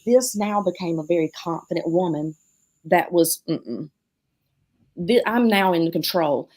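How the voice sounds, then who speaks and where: A middle-aged woman who owns a dance studio appears as a guest, telling stories in a casual chat. Her voice is lowish and her pace measured, and she's animated, acting out the people she quotes in different voices.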